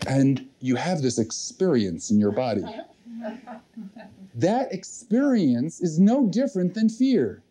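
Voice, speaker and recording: Very dark-voiced man leading a seminar. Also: on the high side. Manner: earnest storytelling, addresses audience directly. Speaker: seminar leader. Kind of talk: motivational seminar talk to a live audience.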